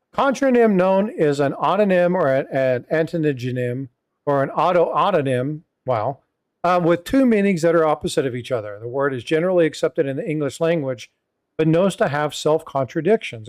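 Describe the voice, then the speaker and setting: Middle-aged male stream host, slightly high voice, loose and chatty, heavy on filler words. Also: lively intonation, normal speed, a little mellow. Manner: rambling, filler-heavy, reads viewer chat aloud. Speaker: livestream host. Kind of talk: casual panel chat.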